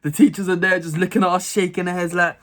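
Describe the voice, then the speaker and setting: A man's voice: high voice, quick pace. A young man telling a school story to his channel, acting out the voices and laughing often. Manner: animated, acts out dialogue, laughs a lot. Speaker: vlogger. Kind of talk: casual storytime.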